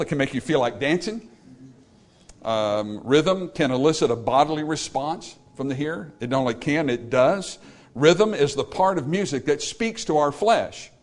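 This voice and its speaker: A man preaching a sermon, talking straight to his listeners with emphasis, and sometimes singing a short phrase as an example. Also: mid-range voice. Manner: emphatic, talks straight to the congregation. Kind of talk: sermon on music.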